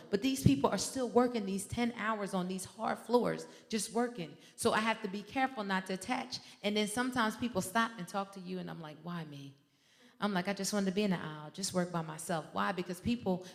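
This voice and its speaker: A woman minister delivers a sermon with fervent, conversational energy, slipping into stories and talking straight to her listeners. Her voice sits at a middle pitch and carries a long hall reverb. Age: adult with a teenage son. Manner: fervent, conversational preaching with story asides.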